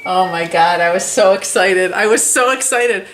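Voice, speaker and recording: Woman co-host rambling excitedly, lots of likes, echoey room. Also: medium pitch, moderate pace, noisy background. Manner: excitable, animated storytelling with many "like"s. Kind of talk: casual chat.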